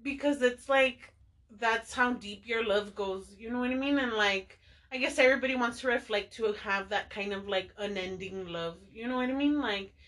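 A woman's voice: fairly high pitch, moderate pace, a bit bright. Earnest woman in casual chat. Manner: earnest, swears freely, says "dude" a lot.

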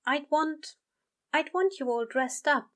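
A woman's voice: high-pitched, sing-song, slow, a bit bright, pitched above the performer's own voice, exaggerated voice. A woman voicing a tipsy, eager male angel who stumbles over his words.

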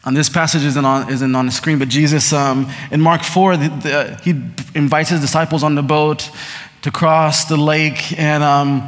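A man preaching a sermon, moving between hushed scripture reading and excited, laughing storytelling. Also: a little high, normal speed, long reverb tail. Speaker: pastor.

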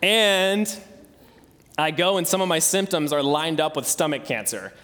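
A man's voice: on the high side, animated, measured pace, fairly bright tone, big-room sound. A young man in his twenties preaching a sermon, earnest and conversational, telling a personal story. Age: 20s. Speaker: pastor.

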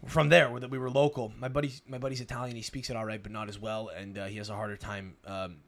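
A young man from Canada, hosting a podcast, telling a story fast and loose with swearing and restarts. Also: on the low side, flat delivery, fairly bright tone. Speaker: podcast host. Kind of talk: casual chat.

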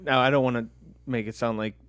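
A man co-hosting a casual movie review podcast, animated and quick to laugh as he defends an actor he likes. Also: mid-range voice, no echo. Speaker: podcast co-host.

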